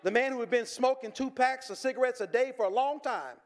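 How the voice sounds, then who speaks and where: A pastor preaching a sermon in a conversational way, with stammered restarts and quick chuckles. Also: male voice, very high voice.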